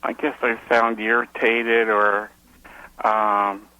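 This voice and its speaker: A man's voice: lowish voice, level tone, slow pace, no echo, dull audio. A man calling into an advice show, answering hesitantly with many ums. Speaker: caller. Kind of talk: call-in phone conversation.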